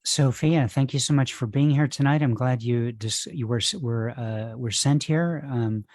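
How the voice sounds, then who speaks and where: Male open-mic host, halting and courteous, dry close sound on a video call. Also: medium pitch, darkish tone, dry recording. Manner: halting, filler-heavy, polite. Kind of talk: hosting a virtual reading.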